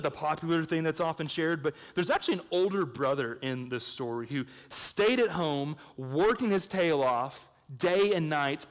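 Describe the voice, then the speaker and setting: A man preaching an evangelistic sermon, swinging between hushed intensity and loud emphatic points, with chatty storytelling asides. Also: on the high side. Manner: conversational storytelling with fillers. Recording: long reverb of a large hall.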